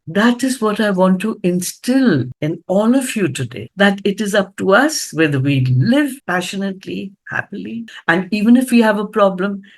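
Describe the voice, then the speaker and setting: An older woman giving a motivational talk to students, telling her story with earnest storytelling and lively acted-out quotes. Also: mid-range voice, breathy edge, rough recording. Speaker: motivational speaker.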